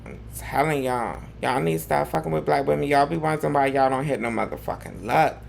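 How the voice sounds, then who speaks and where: A man's voice: fairly high pitch, brisk, creaky, slight background noise. A man hosting a live gossip commentary show, talking in a sassy, campy way full of drawled slang. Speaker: host.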